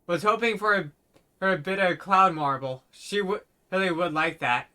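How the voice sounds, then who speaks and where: A man reading out a young village boy in a fantasy game, speaking in a quiet, halting, folksy rural dialect. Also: high voice, clean tone. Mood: pleading.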